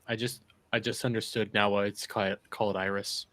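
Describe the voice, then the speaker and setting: A man speaking as a podcast panelist in casual chat, soft-spoken and self-deprecating. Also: lowish voice, flat delivery, normal speed.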